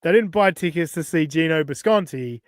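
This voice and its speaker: A man's voice: a little high, expressive, normal speed, no echo, clean studio sound. Blunt, profane male podcast host. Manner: profane, blunt, laughs between jabs. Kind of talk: casual podcast banter.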